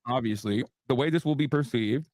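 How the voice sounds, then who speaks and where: A man's voice: medium pitch, a little fast, a little mellow, no echo. A man hosting a live reaction stream, ranting in profane, heated commentary. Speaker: livestream host.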